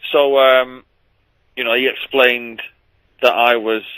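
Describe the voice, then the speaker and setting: A man tells long, rambling stories in a casual radio chat, dry and wry throughout. His voice has a bright, forward edge, and the sound is close and dry with no room around it. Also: mid-range voice, flat delivery, slow, clean tone, dry recording, rough recording. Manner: dry, rambling anecdotes with frequent laughs. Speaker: guest on a radio sports phone-in.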